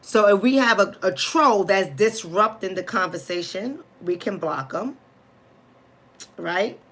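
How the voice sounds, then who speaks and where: A woman's voice: medium pitch, unhurried, a bit bright. A woman with a New York accent hosting a live commentary stream, blunt and outspoken, talking straight to her chat. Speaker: livestream host.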